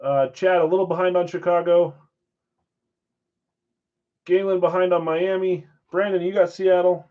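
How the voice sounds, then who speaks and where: A fairly high-voiced man hosts a live-stream card break, rattling off names and assignments in a brisk roll call. He drops casual chatty asides between the calls. The sound is dull and lo-fi, like stream audio. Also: fairly even intonation.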